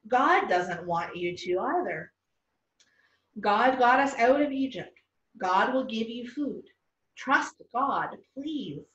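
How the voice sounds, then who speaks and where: A woman's voice: on the high side, lively intonation, slow pace, a bit bright, reverberant. Moses, firm patient leader read by a woman, bouncy storybook voice, dull far-off sound. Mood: earnest. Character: Moses, patient male leader of his people.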